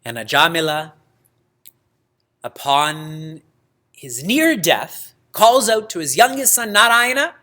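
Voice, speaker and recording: Guy teaching scripture class, slow and bright, laughs a lot, tosses in sanskrit words. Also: fairly high pitch. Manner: lively storytelling with frequent laughs; mixes Sanskrit terms into teaching. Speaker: spiritual teacher.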